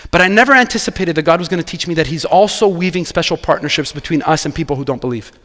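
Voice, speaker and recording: High-voiced pastor preaching. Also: male voice, quick pace, big-room sound. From Quebec. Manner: animated storytelling, acting out dialogue. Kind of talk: sermon.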